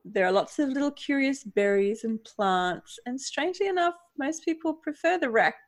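Woman doing a sly, cold man who poisons people, taunting and hushed, in a storybook retelling. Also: high voice, expressive, normal speed, pitched above the performer's own voice. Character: sly menacing male poisoner, smug and cold.

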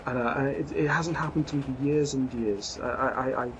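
Stammering, apologetic man doing a fashionable lady with second sight, nervous and urgent. The voice sits mid-pitch with a dull, lo-fi sound and faint hiss behind it, as in a tabletop game session. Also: moderate pace, lightly acted. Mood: flustered. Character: fretful fashionable woman of middle age with premonitions.

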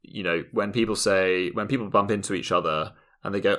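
A very low-voiced Englishman chatting on a podcast with a dry, ironic edge. He drifts between a lazy drawl and sudden high-pitched mimicry of polite small talk. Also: quick pace, few pauses, fairly bright tone. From England. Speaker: podcast co-host. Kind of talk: casual chat.

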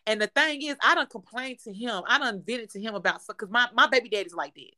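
A woman tells a story on her podcast in an animated, profane style, laughing as she goes. Her voice is bright and forward, and it sits a little high. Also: fast. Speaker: podcast co-host. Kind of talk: casual storytelling chat.

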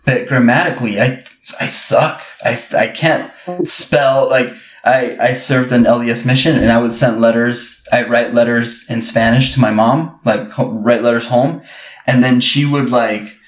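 A man's voice: medium pitch, steady tone, unhurried. Laughing man in an echoey room. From Uruguay. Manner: laughs often while telling stories, self-mocking. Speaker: podcast co-host. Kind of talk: casual chat. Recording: roomy echo.

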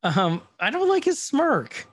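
A man's voice: very high-pitched, huge pitch swings, slow pace, breathy edge. A man casually recapping a TV episode on a podcast, retelling scenes and quoting the characters as he goes. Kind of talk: casual chat.

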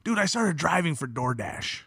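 A man co-hosting a podcast, telling a story in a casual, profane and animated way. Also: a little high, moderate pace, breathy edge, no room sound, studio quality. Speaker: podcast co-host, comedian.

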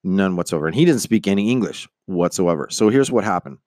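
A man with a low voice tells a long, rambling personal anecdote, slipping into the voices of the people in it and swearing freely. His voice is recorded dry and close, with no room sound. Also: a little fast, no room sound. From United States. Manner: rambling, animated, acts out quoted voices; swears casually. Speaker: storyteller. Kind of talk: casual spoken anecdote.

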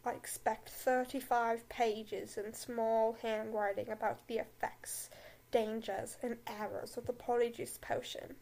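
A stern male professor, as a young woman puts him on, speaks in a slow, deep drawl with a mock British accent. The voice sits lower than her own but stays light, and every word is stretched out. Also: flat delivery, vocal fry, darkish tone.

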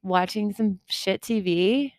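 A woman co-hosting a podcast, talking casually and quickly with lots of fillers. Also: medium pitch, darkish tone, dry recording, clean studio sound. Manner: chatty, quick, frequent fillers. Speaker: podcast co-host. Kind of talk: casual chat.

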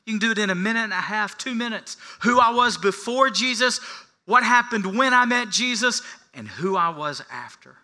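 A man preaching a sermon, moving between quiet, hushed passages and loud, emphatic ones, and acting out the lines of the man he tells about. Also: high voice, expressive, moderate pace. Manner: acts out the beggar's lines with a raised voice. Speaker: pastor.

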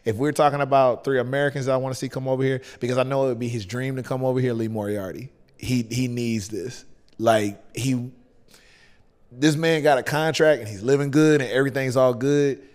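A man's voice: medium pitch, steady tone, a little fast, a little mellow. A man with a Southern US accent talks casually as a guest, rambling through his thoughts with plenty of fillers and restarts. His voice rings with a long hall reverb. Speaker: podcast guest. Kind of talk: casual chat.

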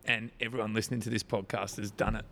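A man's voice: on the low side, level tone, fast talker, bright, forceful tone. Chatty male podcast host. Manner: candid, chatty storyteller, laughs easily. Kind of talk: casual podcast chat.

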